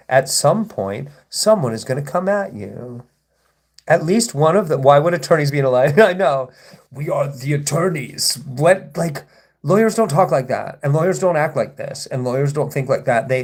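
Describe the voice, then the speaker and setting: A man's voice: mid-range voice, creaky, darkish tone. A man hosting a livestream, talking to his chat in an indignant, sarcastic, rambling way with frequent restarts. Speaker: livestream host. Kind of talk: livestream monologue addressing chat.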